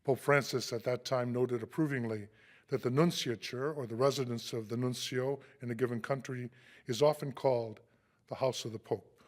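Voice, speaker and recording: A man introducing a guest speaker in a formal, measured read, with a dry humorous touch. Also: medium pitch, fairly even intonation.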